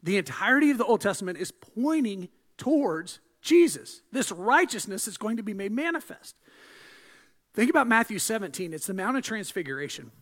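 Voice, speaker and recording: A man with a notably high-pitched voice delivers a sermon as a pastor. His preaching is dynamic, dropping to hushed asides before climbing into loud, emphatic build-ups. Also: sing-song, fairly quick.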